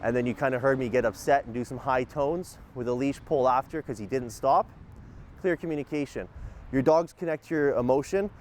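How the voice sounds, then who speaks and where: A man giving casual dog-training instruction outdoors on a walk with his dog, shifting between upbeat and calm and giving short commands. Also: mid-range voice, a little fast, slight background noise.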